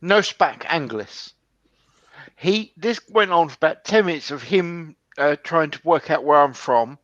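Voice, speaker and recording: A man's voice: on the high side, moderate pace, a bit bright, no echo, dull audio. A man hosting a casual chat with a dry, sardonic way of talking.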